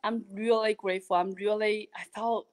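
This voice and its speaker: A woman, a guest on a live video interview, telling stories in an animated, earnest way with many restarts. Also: medium pitch, normal speed. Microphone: video call.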